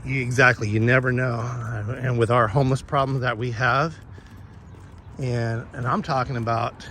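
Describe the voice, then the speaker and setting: With some background noise, a mid-range male voice at normal speed chats casually to live viewers as he walks his dog outside. He rambles through a story, cursing along the way.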